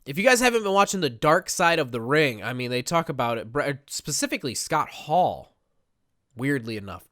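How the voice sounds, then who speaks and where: A chatty man rambling through casual gameplay commentary, poking fun at himself as he goes. His pitch bounces up and down a lot as he talks. The sound is dry and close, with no room echo. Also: big pitch swings, a little fast, sharp tone. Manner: rambling, chatty, self-mocking. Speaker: gaming video creator.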